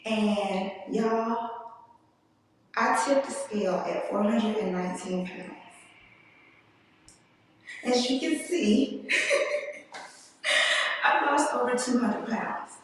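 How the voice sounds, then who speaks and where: Woman speaker, emotional testimony, unhurried, distant in a roomy hall. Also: on the high side, a bit bright, a little hiss or hum. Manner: emotional, earnest, addresses audience as "y'all"; slow, deliberate delivery with long pauses. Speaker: conference speaker. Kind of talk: personal testimony talk. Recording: echoey hall, distant mic.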